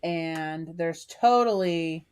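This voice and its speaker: A woman's voice: low voice, drawn-out words, darkish tone, clear, resonant tone. A woman co-hosting a live stream, chatting casually, laughing often and poking fun at herself. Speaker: co-host of a live selling stream. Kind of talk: casual chat.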